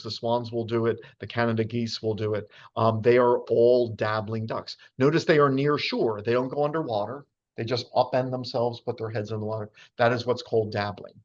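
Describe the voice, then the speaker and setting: A man from New giving a casual slide lecture on birds, chatty and full of fillers and asides. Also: mid-range voice. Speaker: birding lecturer. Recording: dull lo-fi sound.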